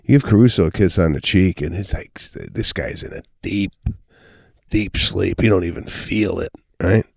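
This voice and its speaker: A man's voice: sits low, normal speed, vocal fry, darkish tone, no echo, clean studio sound. A middle-aged man co-hosting a podcast in casual chat, telling family stories and acting out the quotes. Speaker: podcast co-host.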